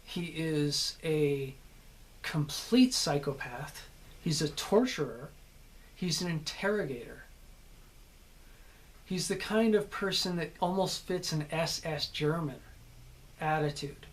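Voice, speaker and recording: A man's voice: on the high side, animated, slow, long pauses. A middle-aged American man, an actor, explaining character and accent work in a casual, conversational way, often checking in with "okay?". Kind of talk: casual acting lesson to camera.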